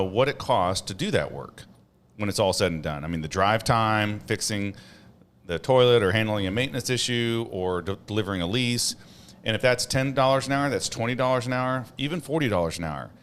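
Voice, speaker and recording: A man's voice: fairly low pitch, lively intonation, moderate pace, a bit bright. A man co-hosting a casual podcast chat, explaining things steadily with frequent "uh" fillers. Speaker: co-host.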